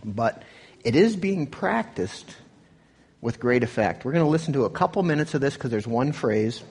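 A man's voice: medium pitch, big pitch swings, moderate pace, darkish tone, slightly rough, big-room sound. A man pastor giving a conversational sermon, often restarting and asking "right?". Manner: conversational, self-interrupting, rhetorical "right?". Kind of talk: sermon with commentary on clips.

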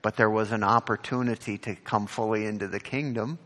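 A man's voice: fairly even intonation, a little fast, fairly bright tone, in a large hall. A man preaching a sermon as pastor, earnest and repeating his words as he reads from scripture. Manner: earnest, repeats words, rises in pitch on questions.

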